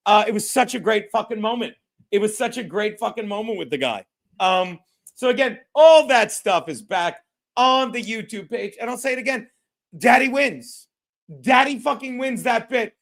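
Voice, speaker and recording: A man's voice: extremely high pitch, lively intonation, normal speed, vocal fry, fairly bright tone. A man hosting a podcast, chatting casually and telling stories in a brash, profane way, often mimicking other people. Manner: brash, profane, storytelling with quoted voices. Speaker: podcast host. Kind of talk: casual chat.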